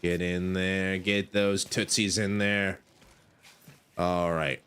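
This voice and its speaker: A man's voice: sits low, level tone, slow pace, a bit bright, clear, resonant tone. Chatty, self-mocking gaming streamer guy. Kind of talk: let's play commentary.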